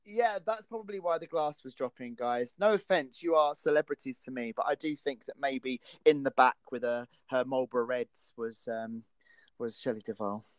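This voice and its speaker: A woman's voice: rumbling low, moderate pace, no room sound. A woman hosting a comedy radio show, chatting playfully and giggling through silly stories. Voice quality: giggly, goofy, animated storyteller.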